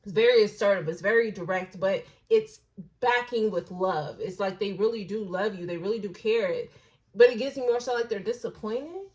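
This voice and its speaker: A woman gives a casual, intuitive tarot reading, loose and conversational, slangy, blunt, and occasionally swearing as she muses aloud. Her middle-pitched voice moves at normal speed and slips into soft, hushed asides, though the audio is poor.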